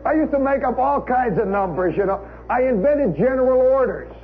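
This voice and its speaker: An American man delivers a humorous tale on a live radio program, keeping it wry and chatty and often dropping in "you know." His very high-pitched voice is animated and fairly quick, and the recording is a tinny 1960s broadcast with a faint hiss.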